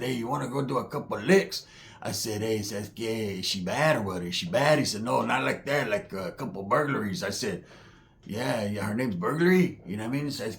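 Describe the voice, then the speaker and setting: A man's voice: medium pitch, gravelly, a bit bright. A man from Southern California with a Chicano English accent, rambling through a comedic monologue full of "I say" asides and Spanish slang.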